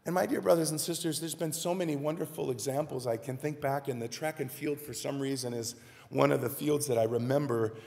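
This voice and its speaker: Gravelly man preaching in a church. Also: mid-range voice, fairly even intonation, brisk, a little mellow. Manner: earnest, heartfelt, addresses congregation directly. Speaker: minister. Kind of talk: sermon. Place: church sanctuary. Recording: reverberant church live stream.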